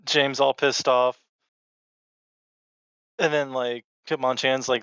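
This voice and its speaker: A man's voice: medium pitch, little pitch movement, takes it slowly, long pauses, a bit bright, clear, resonant tone, no room sound. A man appearing as a podcast guest, retelling a story in offhand, laid-back casual chat. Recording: dull lo-fi podcast audio.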